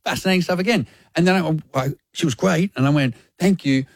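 A breakfast radio host in a radio studio tells a story during casual chat, speaking a little fast in a fairly high voice with no echo. He's animated and acts out the voices of the people in his story.

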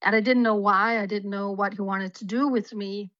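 A woman's voice: mid-range voice, steady tone, moderate pace, no echo, highs cut off. A woman from Denmark, a journalist guest telling her story earnestly and fervently in an interview.

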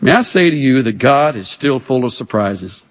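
A man preaching a sermon with animated, expressive delivery and rhetorical questions. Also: mid-range voice, moderate pace. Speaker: pastor. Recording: hall reverb.

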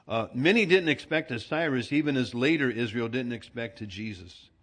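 Male pastor, bright voice, conversational preacher who pokes fun at himself. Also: medium pitch, expressive, moderate pace. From Southern California. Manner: conversational storyteller, self-mocking humor. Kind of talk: sermon with humorous personal anecdotes.

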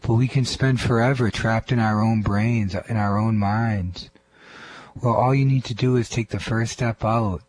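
Man in his radio ministry role, lowish voice, earnest and reflective, faint hum behind. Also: steady tone, unhurried, a little mellow, poor audio. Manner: earnest, reflective, restating the preacher's points.

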